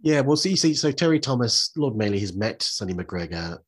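A man's voice: mid-range voice, very animated, a little fast, husky. A man hosting a podcast, chatting eagerly about old comedy films and slipping into comic voices. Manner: enthusiastic, fond of putting on comic voices. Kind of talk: casual film chat.

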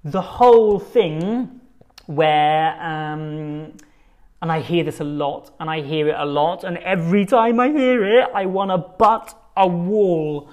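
A man's voice: fairly high pitch, expressive, takes it slowly, darkish tone. A man hosting a solo podcast, talking casually into his own microphone in a rambling, conversational way with lots of fillers. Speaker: podcast host.

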